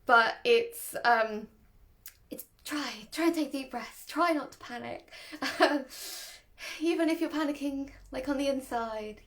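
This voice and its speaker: Woman, dog trainer, animated, chatty casual lesson, high voice. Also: measured pace. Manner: chatty, laughs often, animated. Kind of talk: casual instructional talk.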